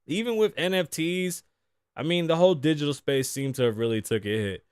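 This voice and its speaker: A man's voice: on the high side, a little fast, clear, resonant tone, no echo, studio quality. A man in his thirties hosting a casual solo talk show, cursing freely, joking, laughing often and dropping in Spanish phrases. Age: 30s. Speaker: podcast host.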